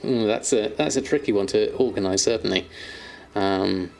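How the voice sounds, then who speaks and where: A man's voice: lowish voice, moderate pace, gravelly, darkish tone. A man chatting on a live stream, reading viewer questions aloud and answering them with plenty of ums and fillers. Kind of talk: casual live-stream chat.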